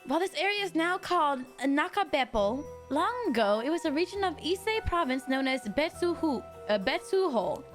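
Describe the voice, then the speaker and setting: A woman's voice: high-pitched, sing-song, moderate pace, hardly any pauses, faint music behind, pitched above the performer's own voice. A woman voicing a young female tour guide, blunt and matter-of-fact. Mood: explaining.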